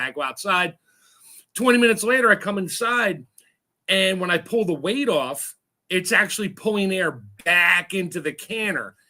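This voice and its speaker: A man with a high, bright voice hosts a relaxed fireside chat. He tells his stories with laughter and acts out the sounds he describes. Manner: chatty storyteller, laughs often, acts out sounds. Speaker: host. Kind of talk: casual livestream chat.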